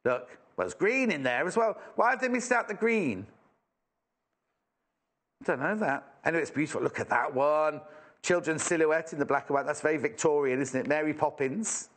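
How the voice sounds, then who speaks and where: A man's voice: on the high side, moderate pace, a bit bright. A man from England presenting a live sewing shopping show, chatty and enthusiastic with self-mocking asides. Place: TV studio.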